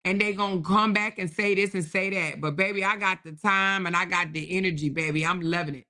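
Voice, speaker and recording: A woman's voice: fairly low pitch, fairly quick. A woman hosting a live stream, commenting sassily and reading chat messages while calling viewers "baby" and "honey," with frequent laughter. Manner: sassy, animated, peppered with endearments; laughs often between remarks. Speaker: host.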